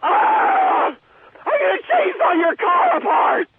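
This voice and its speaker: A man's voice: very high-pitched, lively intonation, normal speed. Guy putting on a shrieking sobbing star on a crackly phone call, wild rage, voice flying all over. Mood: unhinged rage. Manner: screaming threats, crying while shouting. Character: raging, sobbing man claiming to be a movie star. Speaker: caller. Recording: tinny phone line with loud noise.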